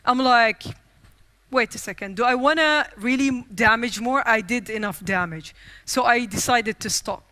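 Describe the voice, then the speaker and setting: A woman delivers a storytelling speech from a conference stage, with a high, bright voice. She is animated and acts out each line of quoted dialogue. The sound is dry and close. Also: moderate pace, no room sound. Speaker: keynote speaker.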